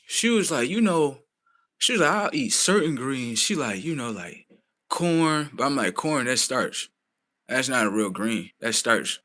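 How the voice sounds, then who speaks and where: At a measured pace, a streamer recounts a story as a casual rant, bright-toned with pitch that climbs and dips. He's animated and incredulous, swears without restraint, and repeats what others said in his own voice.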